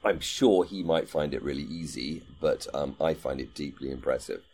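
A man's voice: extremely low pitch, normal speed, a little mellow, husky. A man co-hosting a podcast in casual, rambling chat, thinking aloud with plenty of ums and restarts. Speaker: podcast co-host.

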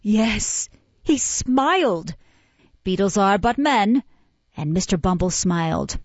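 A woman reading a classic novel aloud in a measured, even storytelling voice. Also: on the low side, no echo. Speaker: audiobook reader. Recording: dull, muffled, dry recording.

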